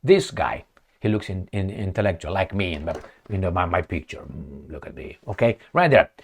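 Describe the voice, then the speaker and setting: Mocking, animated male commentator. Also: low voice, moderate pace, vocal fry, a little hiss or hum. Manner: sarcastic, mocking, emphatic. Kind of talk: profane political commentary.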